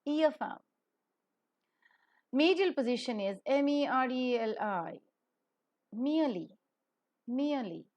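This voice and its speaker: A woman's voice: sits high, animated, slow, pauses often, a little mellow, muffled recording. A woman teaching a scripted phonetics lesson. She spells words out letter by letter and then says each one carefully. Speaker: pronunciation teacher.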